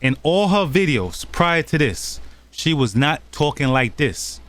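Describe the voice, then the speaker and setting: A man's voice: fairly high pitch, big pitch swings, a little slow, fairly bright tone. A man hosting a channel, talking over clips in an accusatory, scolding commentary. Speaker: channel host.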